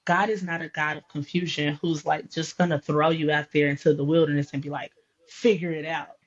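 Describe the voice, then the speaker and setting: Husky-voiced woman telling a faith story. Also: sits low, brisk, muffled recording. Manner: animated storyteller acting out quoted dialogue. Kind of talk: faith podcast conversation.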